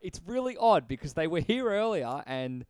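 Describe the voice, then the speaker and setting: A man's voice: a little high, sing-song, moderate pace, a little mellow, smooth, dry recording. A man co-hosting a comedy podcast, casual and joking, laughing often and swearing. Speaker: podcast co-host.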